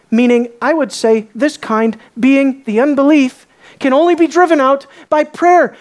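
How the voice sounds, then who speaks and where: A woman with a voice that sits high preaches a sermon, speaking emphatically and asking many rhetorical questions. On key words she drops to a hush.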